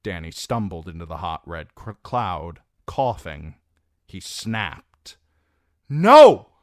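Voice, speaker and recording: Slow, deep-voiced male audiobook narrator. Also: no room sound, studio quality. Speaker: audiobook reader.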